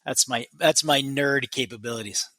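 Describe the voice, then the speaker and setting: A man talking as a podcast guest, upbeat and quick to laugh while telling stories. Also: mid-range voice, pushed and bright, no echo. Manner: upbeat, storytelling, laughs easily. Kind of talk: casual interview chat. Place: home office on video call.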